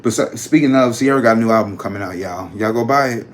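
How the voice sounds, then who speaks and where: A man hosting a casual gossip vlog, chatty and slangy, talking straight to his viewers with animated jumps in pitch. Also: fast, a little hiss or hum. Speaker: psychic channel host.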